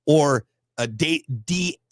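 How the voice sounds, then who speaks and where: A man's voice: on the high side, expressive, slow, dry recording. A man co-hosting a casual talk show, rambling and joking with frequent restarts. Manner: rambling, jokey, many restarts. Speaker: co-host. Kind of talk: casual chat.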